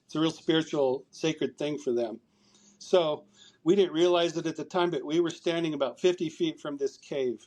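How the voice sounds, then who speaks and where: Speaking at a moderate pace, this man has a voice on the high side that's a little mellow. He's a podcast guest calling in remotely, rambling through a long story and repeating words while recounting conversations.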